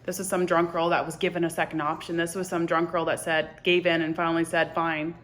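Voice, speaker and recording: A woman in her twenties telling a personal story to camera in a halting, emotional way, often dropping to a hushed voice. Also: lowish voice, flat delivery, a little hiss or hum. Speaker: vlogger.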